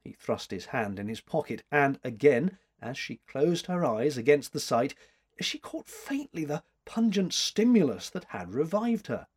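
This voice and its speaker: A man reads an old-fashioned story aloud at an unhurried pace. His voice is husky, and his pitch rises and falls in a lively way. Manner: measured, expressive reading. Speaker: audiobook narrator.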